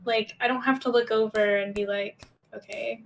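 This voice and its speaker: A woman streamer talking as a guest on a casual show, candid and giggly, with lots of "like" in her speech. Her voice is a bit high, with a faint hiss of noise behind it. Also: steady tone, moderate pace. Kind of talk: casual chat.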